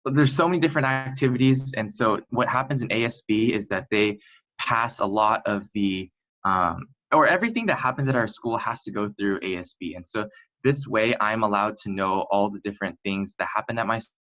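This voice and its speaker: A man's voice: fairly low pitch, brisk, a bit bright. A young man from California giving a casual online presentation as a student, rambling with many fillers and restarts. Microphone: computer mic on a video call. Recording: muffled lo-fi video call audio.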